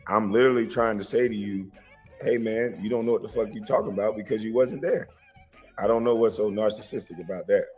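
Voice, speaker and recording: Low-voiced aggrieved American man, reverberant. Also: fairly quick, a little mellow, soft background music. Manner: aggrieved, repetitive, swearing freely. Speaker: commentator reacting to a clip. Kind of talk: casual reaction commentary.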